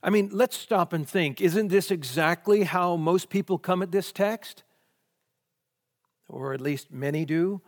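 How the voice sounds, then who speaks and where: A man's voice: high-pitched, unhurried, long reverb tail. A man preaching a sermon, posing question after question before answering them emphatically.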